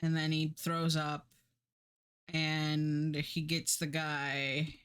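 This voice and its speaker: Young woman streamer, smooth clear voice, rambly and sarcastic, laughs a lot. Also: low-pitched, monotone, drawn-out words, fairly bright tone. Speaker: livestreamer. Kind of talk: casual stream chat.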